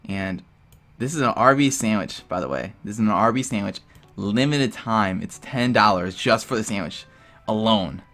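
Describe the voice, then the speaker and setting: A young man telling a story in a casual vlog, animated and rambling, full of "like" and "dude". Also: lowish voice. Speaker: vlogger.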